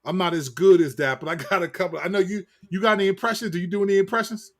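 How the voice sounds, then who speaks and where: High-pitched guy hosting a podcast, easygoing slangy talk, trips over his words a lot. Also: steady tone. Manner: loose slangy banter, quick restarts. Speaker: podcast host. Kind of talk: casual chat.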